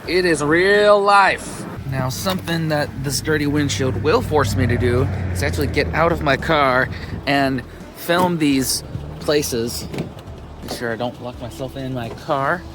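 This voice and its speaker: A man's voice: medium pitch, measured pace, background noise. A man vlogging casually from his car on a road trip, chatty and rambling with lots of fillers. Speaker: travel vlogger. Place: in his car while driving. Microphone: handheld camera in the car.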